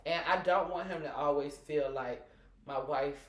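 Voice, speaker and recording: A woman co-hosting a casual chat podcast, animated, telling stories and acting out dialogue with laughter. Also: sits low, normal speed, echoey room, recorded from a distance. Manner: animated storyteller who acts out dialogue with laughter. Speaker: podcast co-host.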